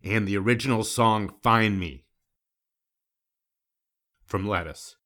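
Deep-voiced male podcast host, tearful and halting. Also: sharp tone. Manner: choked up, halting, with repeated restarts. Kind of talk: emotional closing monologue.

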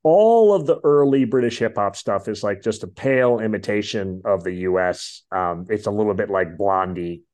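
A man's voice: fairly low pitch, normal speed, hardly any pauses, a little mellow. A man hosting a podcast, chatting casually about music in a rambling way with lots of fillers. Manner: rambling, many fillers and asides. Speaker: podcast host.

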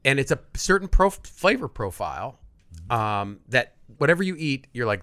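Lively, bright-voiced middle-aged man chatting. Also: mid-range voice, moderate pace. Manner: chatty, mimics pushy salespeople. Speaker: liquor sales guest. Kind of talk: casual podcast chat.

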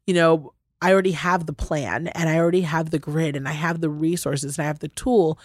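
Low-pitched and fairly quick, the woman hosting this podcast sounds clean and echo-free, as if in a studio. Her casual, heartfelt chat is packed with laughter as she gushes animatedly through personal stories, though at one point she's briefly choked up.

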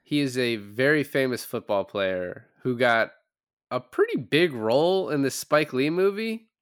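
Guy cohosting a movie podcast, animated, swears a lot, laughs, dry close sound. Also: medium pitch, measured pace, clear, resonant tone, no room sound. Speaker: podcast co-host. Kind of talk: casual movie review chat.

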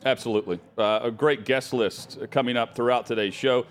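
A man co-hosting a sports talk radio show, introducing clips and teasing upcoming guests briskly. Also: mid-range voice, fairly even intonation. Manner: brisk announcer-style transitions.

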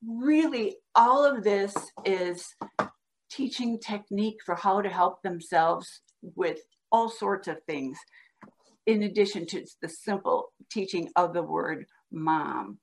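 A woman guest on a podcast, patiently explaining how to teach a child to read, sounding out words slowly as she demonstrates. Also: mid-range voice, vocal fry. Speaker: guest reading educator. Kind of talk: instructional podcast talk.

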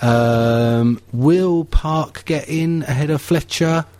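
A man's voice: fairly high pitch, slow pace, darkish tone, dry recording. A man talking football on a casual podcast, thinking aloud with frequent restarts. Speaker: pundit.

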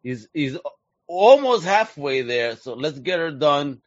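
A man hosting a casual interview, talking in a slangy, excitable, hype-driven way. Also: a little high, slow, no room sound, muffled recording. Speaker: interview host.

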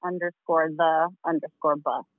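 A woman from Queens, a podcast guest who works as a medic, chatting quickly and saying "like" and "you know" a lot. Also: sits low, fairly even intonation, dry recording, narrow, tinny audio. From Queens, New York. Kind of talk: casual podcast chat.

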